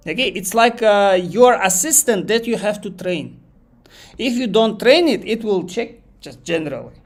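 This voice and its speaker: A man's voice: high voice, measured pace. A man giving a casual live IELTS lesson, explaining with examples and greeting viewers by name. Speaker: IELTS teacher.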